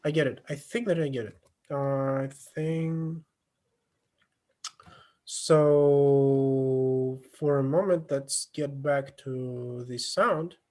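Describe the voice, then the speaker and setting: Slow-spoken male lecturer, halting delivery. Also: medium pitch, fairly even intonation, a little mellow. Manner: halting, many fillers and restarts, non-native phrasing. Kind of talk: online lecture with screen demo.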